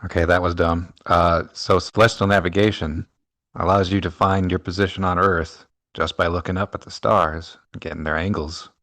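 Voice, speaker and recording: A man's voice: sits low, flat delivery, normal speed, fairly bright tone, no room sound, clean studio sound. Man, lage stem, droge opname, rustig uitleggend. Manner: explanatory, matter-of-fact. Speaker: panelist. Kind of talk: online debate.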